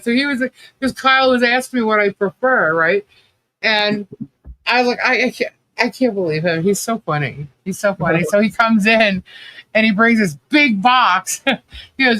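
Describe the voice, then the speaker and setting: A man's voice: high-pitched, lively intonation, measured pace, bright, forceful tone, no echo. A man hosting a casual livestream, telling rambling stories with lots of fillers and laughter. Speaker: livestream host. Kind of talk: casual chat.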